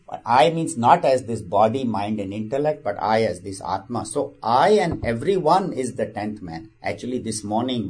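A man's voice: lowish voice, a little mellow, breathy edge. A man giving a spiritual discourse. He speaks in a conversational way, repeats phrases and tells a parable. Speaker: spiritual teacher.

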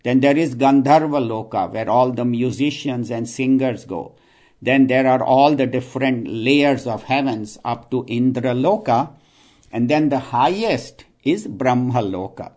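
A man's voice: mid-range voice, measured pace, a little mellow. A man, giving a scripture talk with jokes, chuckling and restarting as he tells stories. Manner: storytelling, chuckling, many restarts. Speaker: spiritual teacher.

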